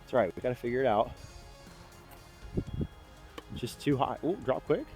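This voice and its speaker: A man giving casual running commentary while playing disc golf outdoors, excitable and hard on himself, a bit out of breath. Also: mid-range voice, moderate pace, music in the background. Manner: excitable, self-critical, talks to himself between throws.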